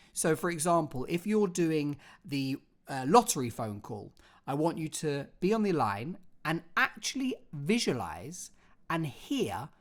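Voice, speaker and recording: With a medium-pitched voice, this drama teacher runs an acting class online. She walks students through each step clearly while performing with expressive, theatrical flair.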